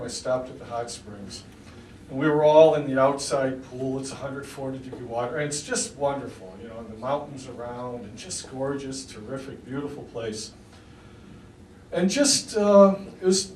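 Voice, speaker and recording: A man's voice: a little high, a little mellow, a little hiss or hum. An American man, a poet, telling a story aloud in a meandering, conversational way with many restarts. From United States. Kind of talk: live spoken storytelling. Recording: echoey room, distant mic, faint ambience.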